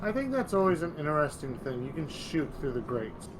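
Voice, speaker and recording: A man's voice: fairly high pitch, very animated, fairly quick. Wry man reading lore with noise. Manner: wry, reads game lore aloud. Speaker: gaming co-host. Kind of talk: casual gameplay commentary.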